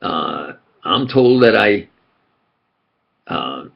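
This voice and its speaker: An older man with a New York accent, speaking in a slow, halting, rambling monologue full of fillers and restarts. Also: lowish voice, big pitch swings, vocal fry, lo-fi sound. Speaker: channel host.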